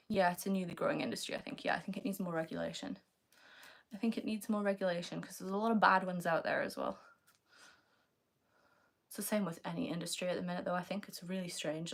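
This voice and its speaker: A young woman with a British accent and a slightly low voice, talking casually to her live-stream chat. She reads comments aloud and answers in a relaxed, rambling way, full of "like". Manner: chatty, reads comments aloud, many fillers of "like".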